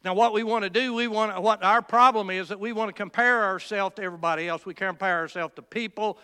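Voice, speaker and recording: With impassioned fervor, a man delivers a sermon in a smooth, resonant voice that climbs high whenever he drives a point home. He talks quickly with a sharp tone and fairly even intonation, often stopping and restarting phrases as his message builds, while a large hall's long reverb rings around him.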